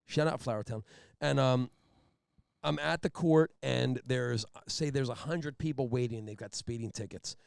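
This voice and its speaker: A man from Pennsylvania co-hosts a podcast and tells a comic story in a rambling, deadpan way. His voice is gravelly and of middling pitch. It is recorded dry on a close mic. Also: normal speed, no echo. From Pennsylvania, USA. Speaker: podcast co-host.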